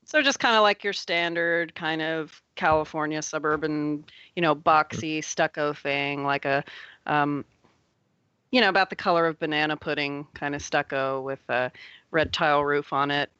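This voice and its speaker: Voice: mid-range voice, fairly even intonation, normal speed, sharp tone, smooth, no echo, highs cut off. A game master narrating a tabletop game in a loose, rambling way, laughing often.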